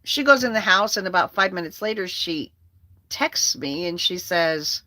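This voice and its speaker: A woman's voice: on the low side, lively intonation, normal speed, pushed and bright, no room sound. A woman casually telling a personal story, blunt and profane and candid.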